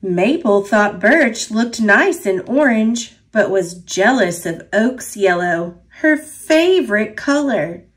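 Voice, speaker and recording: A woman reading a children's picture book aloud in a gentle, expressive narrating voice. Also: mid-range voice, slow, hardly any pauses. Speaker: storybook reader.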